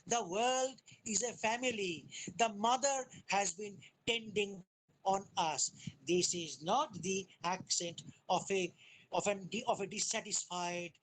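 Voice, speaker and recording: A woman giving an academic webinar lecture on poetry over a video call, explaining in a deliberate way and often restarting her sentences. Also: on the high side, fairly bright tone, low-quality recording. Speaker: guest lecturer.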